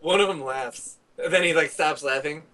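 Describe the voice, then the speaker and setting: A man's voice: on the high side, moderate pace, bright, forceful tone, slight background noise, rough recording. A man narrating as game master, loose and chatty with frequent laughs and filler words.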